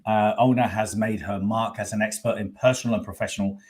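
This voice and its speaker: A man's voice: fairly low pitch, steady tone, a little fast, hardly any pauses, darkish tone. A man hosting an online expo over a video call, greeting guests with effusive enthusiasm. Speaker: host.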